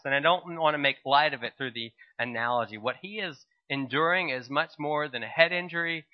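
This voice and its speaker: A male pastor giving a sermon, explaining scripture and telling a humorous childhood story in a relaxed, conversational way. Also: medium pitch, highs cut off.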